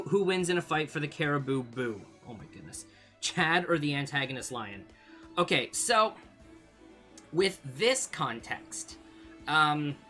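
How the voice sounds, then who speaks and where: A man's voice: mid-range voice, pushed and bright. A young man from Canada answering viewer questions in a casual vlog, rambling with lots of fillers and small laughs. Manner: rambling, hesitant, many fillers, laughs easily.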